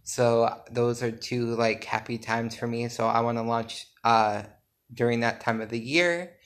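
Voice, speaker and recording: A man's voice: mid-range voice, fairly even intonation, measured pace, a bit bright. Sleepy man giving a rambling update. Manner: rambling, filler-heavy, self-correcting. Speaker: podcast host and small business owner. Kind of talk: casual solo podcast update.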